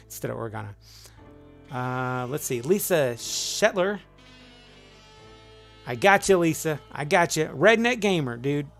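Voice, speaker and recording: Man, middle-aged, live stream host, casual chatty greetings, slightly high voice, faint music behind. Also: expressive, normal speed, creaky, fairly bright tone. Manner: greets viewers by name, upbeat and rambling.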